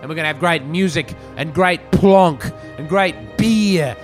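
A middle-aged man doing a rambling, self-mocking comic monologue as podcast host, swinging between loud declarations and low mutters. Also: measured pace, soft background music.

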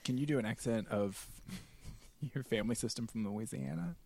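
A man's voice: lowish voice, normal speed, darkish tone, slight background noise. A man hosting a podcast, chatting casually in a playful, teasing way. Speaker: podcast host. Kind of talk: casual chat.

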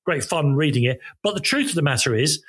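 A man with a slightly raised pitch and a husky edge tells long music anecdotes over a home call. He circles back, stumbles over his starts with "um" and "uh", and keeps the tone casual and chatty. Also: lively intonation, brisk, fairly bright tone. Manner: rambling, self-interrupting, many ums and restarts. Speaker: podcast guest, former music journalist. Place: corner of a room at home. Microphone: home recording, video call.

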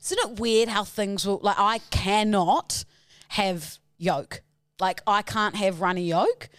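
A woman's voice: medium pitch, steady tone, slow pace, a bit bright, no room sound, studio quality. A young woman co-hosting a podcast, trading blunt, teasing banter full of swearing. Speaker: podcast co-host. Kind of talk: casual chat.

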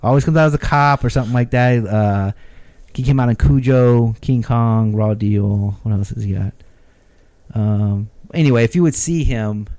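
Man, podcast co-host, casual chat, rambling movie recap, middle pitch. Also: normal speed, dark tone. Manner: rambling, laughing, acts out scenes.

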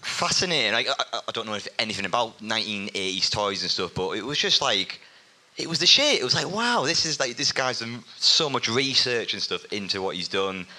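A man's voice: lowish voice, animated, brisk, sharp tone, low-quality recording. A man in the audience of a live podcast, asking the hosts a rambling, hesitant question full of fillers. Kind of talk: casual question at a live show.

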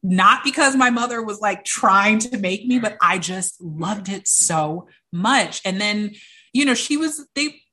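A young woman, an interview guest, telling personal stories in an animated way and acting out the voices of the people she quotes. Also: medium pitch, measured pace. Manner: acts out quoted voices, lively. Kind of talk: animated storytelling.

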